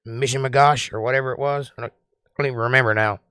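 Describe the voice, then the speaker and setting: A man's voice: medium pitch, steady tone, fast, bright, forceful tone, smooth, no echo, studio quality. A man from Georgia with a Southern accent, hosting a casual livestream, reading chat comments and rambling with jokes. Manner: rambling, joking, drawling. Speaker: livestream host.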